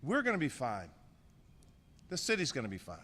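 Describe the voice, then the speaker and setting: A man's voice: mid-range voice, wildly swooping pitch, a little fast, pushed and bright, slightly rough. A man, an outgoing mayor, giving a joking, affectionate and slightly emotional farewell speech at an indoor press conference, thanking people by name. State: a little emotional. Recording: echoey hall with crowd murmur.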